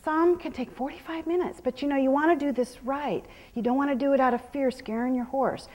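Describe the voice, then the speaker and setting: A middle-aged woman with a somewhat high voice, teaching a live horse-training clinic. She explains each step calmly and patiently, then turns to murmur soft praise to the horse. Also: a little fast, long reverb tail. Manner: calm teaching voice, breaking into soft praise and hushed whispers to the horse. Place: horse arena during a clinic.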